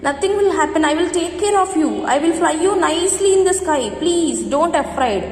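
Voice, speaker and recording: Eager young boy pleading, read by a woman teacher, high and echoey. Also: animated, fast talker, a little mellow, slight background noise. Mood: coaxing. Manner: coaxing, insistent.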